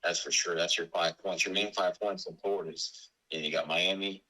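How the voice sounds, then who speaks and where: A man's voice: deep voice, steady tone, fairly quick, sharp tone, poor audio. A man in his forties who owns a business, talking in a rambling way with lots of fillers and restarts. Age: 40s. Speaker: business owner selling his company. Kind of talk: casual business call.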